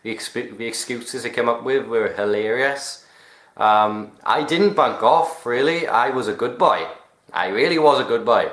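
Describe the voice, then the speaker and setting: A man's voice: mid-range voice, a little slow, fairly bright tone. Young Welsh man, casual rambling chat, self-mocking, swears a lot, echoey room. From Wales. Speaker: vlogger. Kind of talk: casual chat explaining local slang.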